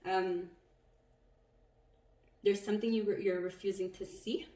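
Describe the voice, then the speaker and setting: Woman, tarot reader, casual and expressive; roomy echo, a step back from the mic. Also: mid-range voice, measured pace, recorded from a distance, background noise. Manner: chatty, animated, swears and laughs often.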